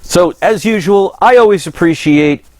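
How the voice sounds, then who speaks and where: A man's voice: sits high, moderate pace, no echo. Earnest rambling man, dry sound. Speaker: channel host. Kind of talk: casual monologue.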